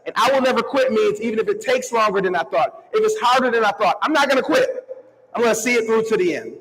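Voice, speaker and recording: A man giving an energetic motivational keynote to a live crowd, calling on the audience to answer and move along with him. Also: sits high, quick pace, slight background noise. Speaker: motivational speaker. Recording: long hall reverb.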